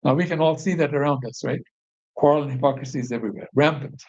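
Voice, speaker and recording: A man's voice: mid-range voice, fast, darkish tone. A man leading a devotional group, reading verses aloud and explaining them line by line, often checking in with his listeners. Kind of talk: scripture reading with commentary. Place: bridal shop meeting space. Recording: dull lo-fi recording.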